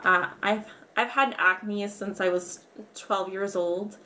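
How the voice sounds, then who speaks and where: A young woman casually explaining her skincare routine in a halting way, with fillers and soft laughs. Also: medium pitch, fairly even intonation, slight background noise. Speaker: beauty vlogger.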